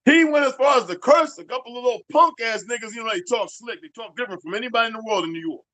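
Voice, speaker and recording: A man's voice: extremely high pitch, quick pace, bright, forceful tone, dry recording. A man in his fifties ranting to his viewers in a blunt, streetwise, rambling way, swearing heavily and drifting into asides. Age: 50s. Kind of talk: profane off-the-cuff rant.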